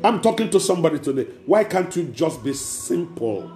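A man's voice: on the high side, sing-song, moderate pace, warm tone. A man preaching a sermon as pastor, emphatic and repeating key words. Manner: emphatic preaching with acted quotes. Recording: echoey room with faint music.

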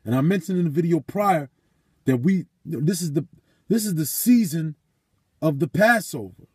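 This vlogger starts telling a story and slides into a sermon, swearing freely and hammering his points through repetition. His voice is husky, mellow and fairly high, with lively intonation at a normal speed. The sound is close and dry, without echo.

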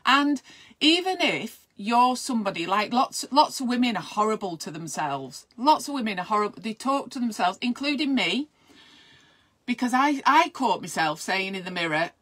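A woman's voice: mid-range voice, animated, normal speed, a bit bright. A middle-aged woman, chatting casually and rambling on a live stream as a midwife host, encouraging her viewers.

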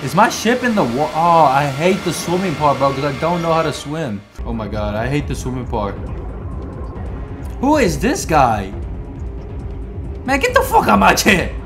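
A young man giving excitable let's-play commentary, swearing, laughing and talking back to the game as he plays. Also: on the high side, normal speed, music in the background. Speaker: gamer playing through a video game.

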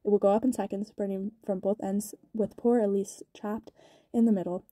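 A woman voicing a cold, menacing young male gang boss with a gravelly rasp, talking in a quiet, taunting, deliberate way. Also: high voice, level tone, dry recording, close to an everyday voice.

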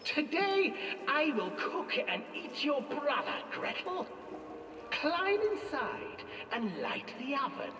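A man's voice: wildly swooping pitch, takes it slowly, sharp tone, slight background noise, full character voice. A man voicing a sing-song old female witch who coaxes and threatens children. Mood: menacing. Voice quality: shrill, sing-song and wheedling. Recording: echoey hall, voice from far off. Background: eerie music.

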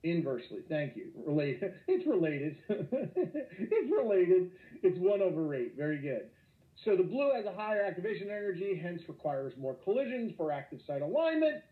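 A man teaching an online lecture, energetic and joking, with sudden exclamations. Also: high voice, brisk. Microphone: computer mic. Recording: echoey, tinny phone-like online call.

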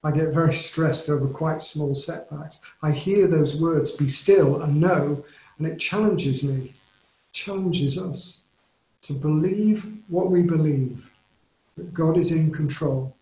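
A man with an English accent preaching a sermon in an earnest, measured way, leaning on key phrases. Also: on the high side, a little mellow. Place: church or home, recorded for online service. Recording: roomy echo.

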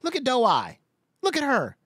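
Stream host, incredulous mocking rant, very animated delivery, dry close mic. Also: high voice, moderate pace, no echo. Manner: mocking, laughing often, incredulous. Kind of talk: ranting reaction-stream commentary.

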